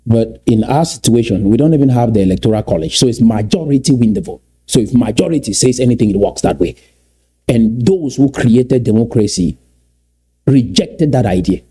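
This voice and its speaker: A man from Cameroon, with a warm, husky, medium-pitched voice, gives commentary in the manner of a lecture. He's emphatic, repeating important phrases and lengthening words for stress.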